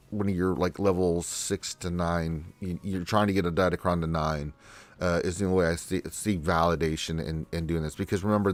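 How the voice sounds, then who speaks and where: A man hosting a live question-and-answer stream, congested from allergies, talking in a rambling, laid-back way to his chat viewers. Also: low-pitched. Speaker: livestream Q&A host.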